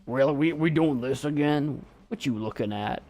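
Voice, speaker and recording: A man's voice: medium pitch, moderate pace, mellow, soft background music, natural voice. A man doing a grumpy fed-up old dog. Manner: grumbling and fed up.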